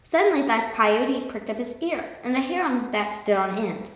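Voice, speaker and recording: A woman reading a children's picture book aloud in a lively way, slowing down for emphasis. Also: on the high side. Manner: lively, with slowed emphatic passages. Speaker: storyteller. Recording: echoey room with long reverb.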